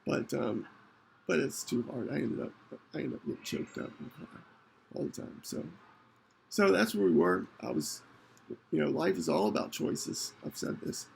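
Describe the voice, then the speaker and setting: Gravelly, lively man hosting a podcast. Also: fairly high pitch, a little hiss or hum, low-quality recording. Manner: earnest, halting, with many restarts. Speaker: podcast host. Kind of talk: casual personal storytelling.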